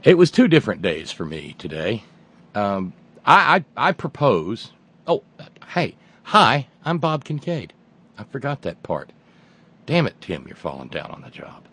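A man's voice: mid-range voice, wildly swooping pitch, unhurried, fairly bright tone, slightly rough. A middle-aged man hosting a radio show, telling a casual, rambling story with restarts and wry asides. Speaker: radio host. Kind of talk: casual monologue.

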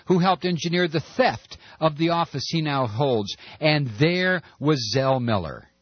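A man's voice: a little high, breathy edge, dry recording. A man delivering an impassioned, stammering, sarcastic political rant as a talk radio host. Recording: dull lo-fi recording.

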